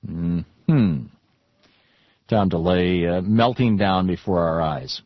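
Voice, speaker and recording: A man's voice: deep voice, slow pace, no echo, dull audio. A middle-aged man hosting a talk radio show, lecturing in an indignant, sarcastic way.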